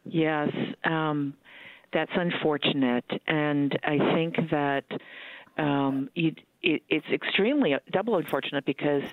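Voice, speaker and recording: A male doctor with a fairly high voice joins over a narrow, phone-like line. He chooses his words carefully and often restarts his sentences. The sound is dry. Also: a little slow, no echo. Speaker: physician guest. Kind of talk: expert advice on a call-in show.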